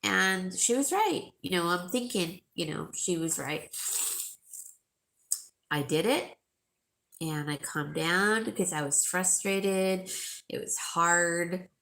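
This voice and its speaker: Middle-aged woman, jewelry sale host, slow chatty talk, gravelly voice. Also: fairly low pitch, animated, a bit bright. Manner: slow, chatty, emotional, talking to viewers by name. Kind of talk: casual chat with viewers.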